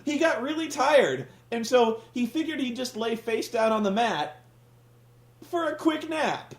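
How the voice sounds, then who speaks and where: A man's voice: very high voice, lively intonation, normal speed, echoey room. A man hosting a casual comedic rant, sarcastic and profane, sounding exasperated. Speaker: podcast host reviewing wrestling.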